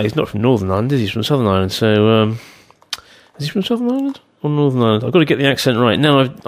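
A male radio host chatting casually, wandering off on tangents and making self-deprecating jokes. His voice is mid-pitched and the sound is dry, close and without room echo. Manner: rambling, self-deprecating asides.

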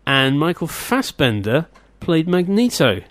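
Chatty local radio host. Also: male voice, fairly high pitch, big pitch swings, a little slow, no room sound. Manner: chatty, with fillers and playful repeats. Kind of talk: casual radio chat.

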